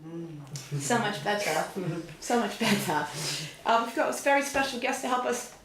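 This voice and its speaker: A woman's voice: mid-range voice, lively intonation, normal speed, fairly bright tone, a little hiss or hum. A woman playing a theatrical, giggly talk show host who keeps turning to the audience. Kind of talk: mock talk show, camped up. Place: home studio, roomy. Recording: echoey room.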